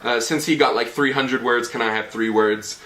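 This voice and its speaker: A man's voice: medium pitch, fairly even intonation, moderate pace, a bit bright, reverberant, voice pushed down, lightly acted. Young man faking a bad Australian accent. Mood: dry. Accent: put-on Australian. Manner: exaggerated, mocking impression. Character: gruff older male debater, faked Australian.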